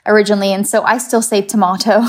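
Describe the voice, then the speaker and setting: A woman's voice: medium pitch, moderate pace. An English-born woman, a guest expert, explaining things in an upbeat, chatty way with simple memory tricks. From England. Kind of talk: casual chat.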